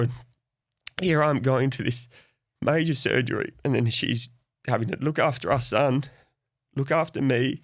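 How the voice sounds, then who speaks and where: A man's voice: mid-range voice, normal speed, no room sound, clean studio sound. A young Australian man speaking openly and reflectively as a guest in a podcast conversation. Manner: open, reflective, soft-spoken.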